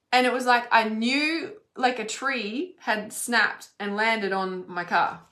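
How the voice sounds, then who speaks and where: A woman's voice: fairly high pitch, slow pace, few pauses, bright, forceful tone. A woman telling a personal story in a casual, chatty way, swearing freely and saying "like" often. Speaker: spiritual content creator. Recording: roomy echo.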